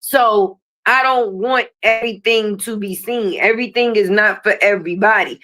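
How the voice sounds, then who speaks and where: A woman's voice: mid-range voice, moderate pace, fairly bright tone. A woman hosting a casual livestream while sick and sniffly, chatting straight to her viewers and swearing freely. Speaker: livestream host.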